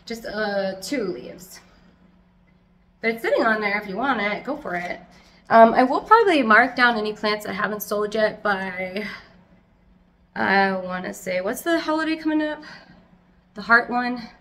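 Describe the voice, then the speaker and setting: A woman chatting casually as a plant vlogger, talking loudly, giggling, swearing and talking to her plants at home. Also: medium pitch, animated, a little slow, long pauses. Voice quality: loud, close to yelling. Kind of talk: casual chat. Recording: echoey room with faint background noise.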